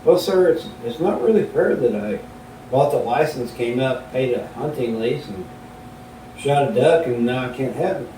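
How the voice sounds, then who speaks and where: A man's voice: expressive, moderate pace, mellow, natural voice. A man voicing a nervous, polite young hunter from the city who stammers and says sir, heard from a distance in a roomy space. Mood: pleading. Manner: stammering and deferential. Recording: roomy and distant, faint rumble.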